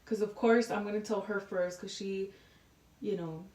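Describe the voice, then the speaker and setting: A woman in her twenties, appearing as a podcast guest, shares a personal story in a relaxed, chatty manner full of "like" fillers. Her slightly mellow voice is medium-pitched, fairly even and at normal speed, recorded far from the mic with a roomy echo.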